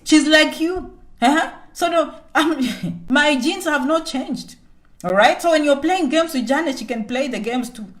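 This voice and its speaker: High-pitched woman from kenya doing a motivational livestream, keeps saying okay?, talks about herself in third person. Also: lively intonation, measured pace. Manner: emphatic, repetitive, keeps asking "okay?". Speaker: vlogger. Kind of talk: motivational live-stream chat.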